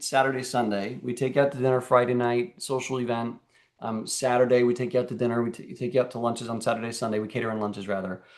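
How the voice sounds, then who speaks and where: A man presenting his coaching program to a group on a video call, energetic and checking in often with "okay?" and "all right?". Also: mid-range voice. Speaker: life and fitness coach.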